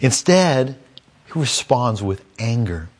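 Guy preaching a sermon, walks through the passage verse by verse, average pitch, voice jumps up when he acts out the characters. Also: very animated, slow. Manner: expository preaching, reads scripture then explains; acts out the complaining son in a raised voice.

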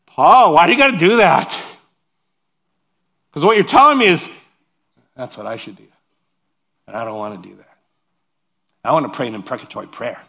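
A man preaching a sermon in a voice pitched a little above the usual male range. He reads scripture aloud and explains it verse by verse. He keeps things animated with joking, self-deprecating asides to the congregation. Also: moderate pace, pauses often. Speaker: pastor.

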